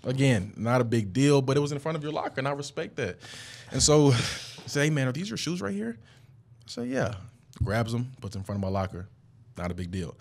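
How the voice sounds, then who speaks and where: A young man hosting a podcast, telling a story in a casual, animated way and leaping up in pitch when he acts out quotes. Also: fairly quick, creaky. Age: young adult. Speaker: podcast host. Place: studio.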